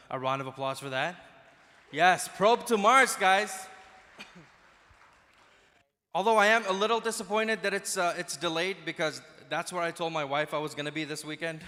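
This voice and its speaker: A man from Dubai working the crowd as a stand-up comedian, his voice bright and sitting a little high. He talks in a chatty, self-deprecating way. The sound rings out with the long reverb of a big conference hall.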